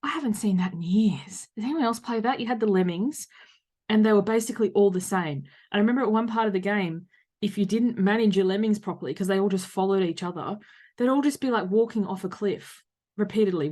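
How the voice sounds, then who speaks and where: A woman in her thirties with an Australian accent, hosting a solo podcast as a coach and talking loudly, frankly and conversationally. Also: medium pitch, fast talker. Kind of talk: reflective solo podcast monologue.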